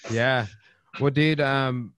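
A man hosting a casual podcast chat with a friend, relaxed and friendly, his sentences trailing off. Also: medium pitch, takes it slowly. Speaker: podcast host.

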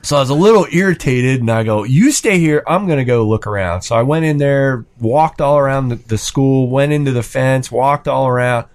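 A man's voice: medium pitch, a little fast, hardly any pauses. A man with a thirteen-year-old son, telling a casual anecdote with lots of fillers and restarts. His voice climbs sharply when he quotes himself or his son. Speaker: storyteller in a hobby chat.

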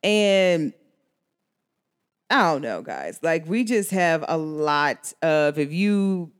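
Animated, laughing woman in casual chat. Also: low-pitched, slow pace, smooth. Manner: rambling, animated, laughs often, slangy. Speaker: astrology podcast host.

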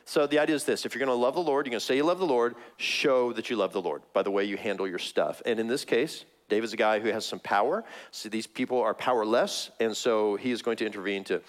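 A man's voice: lowish voice, quick pace, hardly any pauses. A man preaching a sermon as pastor, in a conversational way, acting out the voices of the people in his story. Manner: conversational, acts out voices of biblical figures, laughs.

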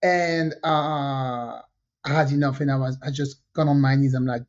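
With a bass voice and moderate pace, a French-speaking woman from the French Caribbean tells a lively tale as a podcast co-host. She acts out the quoted dialogue in this casual storytelling chat, and the podcast audio is dull and lo-fi.

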